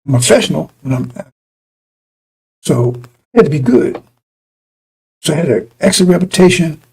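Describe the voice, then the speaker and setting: A man's voice: fairly high pitch, expressive, moderate pace, creaky, a little mellow, a little hiss or hum, poor audio. A middle-aged man preaching informally to his congregation, blunt and profane, rambling through personal stories with many restarts.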